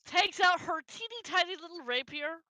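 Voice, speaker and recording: Game master, woman, high and bright, slow and halting narration. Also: no room sound. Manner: hesitant, restarts often while describing.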